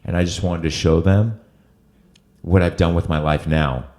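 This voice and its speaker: A middle-aged host with a very deep voice tells his guest a personal story of recovery at a moderate pace. He speaks earnestly and grows emotional, yet his low voice holds steady.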